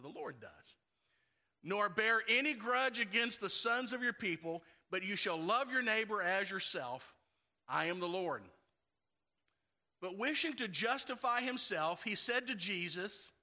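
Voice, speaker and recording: A man's voice: sits high, pushed and bright. A man preaching a sermon to his congregation, conversational with playful asides and acted-out quotes. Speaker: pastor.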